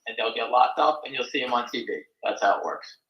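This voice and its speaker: A man's voice: mid-range voice, expressive, a little fast, roomy sound, muffled recording. An older man hosting a live stock market talk show, blunt, folksy and rambling.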